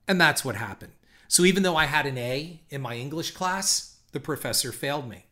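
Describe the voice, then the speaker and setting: On his podcast, a middle-aged male host opens up about his own life in a frank, reflective way with occasional swearing. His voice is a little high, expressive, and sharp, and he speaks briskly.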